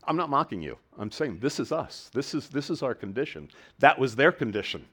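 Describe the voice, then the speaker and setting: A man's voice: medium pitch, fairly quick, breathy edge. Guy preaching a sermon, voice swoops up and down a lot, gets emphatic, restarts his sentences. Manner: animated preaching with emphatic swells and frequent self-restarts. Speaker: pastor.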